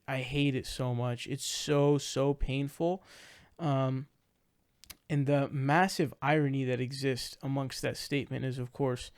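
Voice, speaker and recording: A man's voice: mid-range voice, smooth, no echo. Man, exasperated rant, profane, resonant voice, close dry mic. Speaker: political commentator. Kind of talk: casual reaction commentary.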